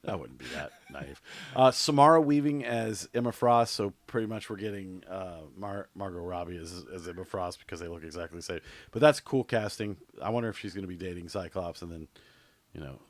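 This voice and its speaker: A man's voice: low voice, brisk, no room sound. A man co-hosting a podcast in casual chat, rambling and offhand with lots of fillers and restarts. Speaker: podcast co-host.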